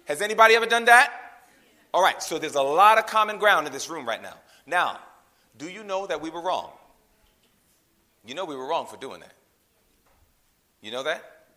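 A man preaches a sermon in a high, bright, forceful voice. He keeps quizzing the congregation with call-and-response questions. He swings between loud, punchy emphasis and soft, hushed passages. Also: animated, moderate pace, pauses often. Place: in a room with a congregation.

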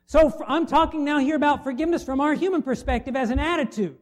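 A man's voice: very high voice, fast. A middle-aged man preaching a sermon, conversational and full of rhetorical questions to the congregation. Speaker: pastor.

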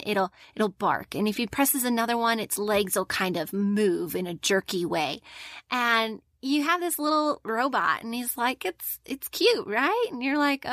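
A woman teaching a Bible lesson to children, gentle and slowing down for emphasis, often asking questions. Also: on the high side, no room sound, clean studio sound. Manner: gentle, slow and emphatic on key points, asks the listeners questions.

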